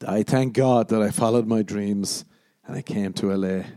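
A man's voice: on the low side, moderate pace, warm tone, no echo. Profane, sardonic male podcast host. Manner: profane, sardonic, rambling, mocking voices. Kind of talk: casual solo rant.

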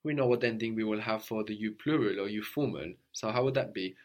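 A man teaching a language lesson, patiently modeling phrases slowly and coaxing his student. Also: fairly low pitch.

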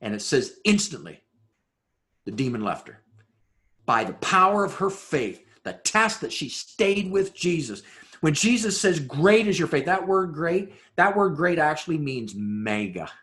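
A man preaching a sermon, building through rhetorical questions and dropping to a hushed voice for emphasis. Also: on the high side, big pitch swings, measured pace. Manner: dramatic rhetorical questions, swings between loud and hushed. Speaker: pastor.

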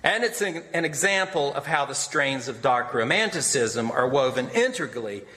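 Expressive, bright-voiced male literature lecturer. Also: medium pitch, normal speed. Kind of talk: literary lecture with dramatic readings. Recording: long hall reverb.

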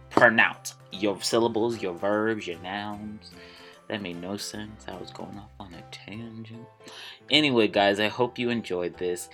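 Chatty man from Maryland, low voice. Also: fairly bright tone. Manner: chatty, self-amused, drifts off on tangents. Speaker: podcast host. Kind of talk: casual solo podcast chat.

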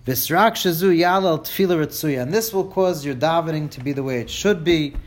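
A man with a fairly high voice leads a class through a Hebrew text, reading each line and then rendering it in English. He builds up the grim scenes with drama and slips in dry jokes. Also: brisk. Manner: reads Hebrew lines then translates them line by line, dramatic; wry, jokes with listeners. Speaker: Torah teacher.

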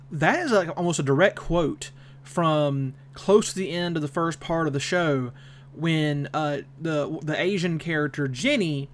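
A man's voice: fairly high pitch, a little slow, a little hiss or hum. A young man co-hosting a podcast, chatting casually about a show, often repeating words as he starts sentences. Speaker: podcast co-host. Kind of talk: casual review chat.

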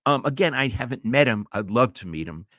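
A man's voice: mid-range voice, expressive, fairly quick, a bit bright, dry recording, clean studio sound. An older man, a retired sports writer, co-hosting a casual sports podcast with emphatic opinions and stumbling restarts.

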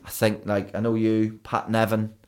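A man, a broadcaster and DJ guest telling rambling, animated stories in a casual podcast chat. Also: on the low side, moderate pace. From Belfast, Northern Ireland. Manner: rambling, animated storytelling with restarts.

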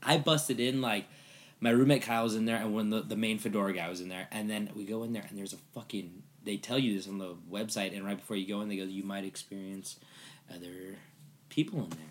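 Animated swearing man telling a story. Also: fast. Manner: animated, swearing, acts out quotes in high voices. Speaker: storyteller recounting an escape room. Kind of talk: casual chat.

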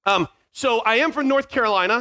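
Man, 40s, high bright voice, camp speaker wandering off on silly tangents for middle schoolers. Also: fairly quick. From Virginia. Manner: scattered, self-mocking, jumps between tangents. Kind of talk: joking talk to middle schoolers. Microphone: headset mic.

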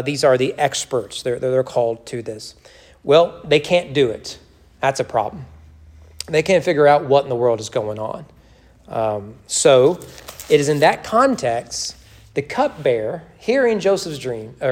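A man's voice: medium pitch, darkish tone. A man leading a church Bible study, teaching in a conversational way with joking asides.

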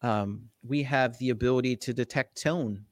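A man's voice: medium pitch, normal speed, dry recording. A man from the Jersey Shore with a New Jersey accent, explaining technology in a casual interview and often checking in with "right?". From Jersey Shore, USA. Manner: animated, lots of "right?" tag questions. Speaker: tech company guest.

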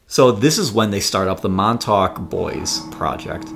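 A man's voice: lowish voice, animated, a little slow, gravelly, fairly bright tone, soft background music. A man hosting a podcast, telling a story in a loose, jokey way with lots of filler words. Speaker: podcast host. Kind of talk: casual storytelling chat.

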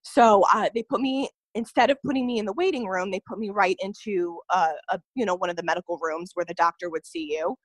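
A woman's voice: mid-range voice, brisk, few pauses, no room sound. A young adult woman telling a personal story as a podcast guest, earnest and full of "like" and "you know". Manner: earnest, filler-heavy telling, often says "like" and "you know".

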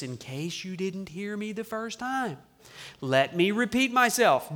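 A man preaching a sermon as pastor, reading scripture aloud with emphasis and slowing down on key phrases, with playful asides. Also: high voice, expressive, a bit bright. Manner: reads scripture aloud with the congregation.

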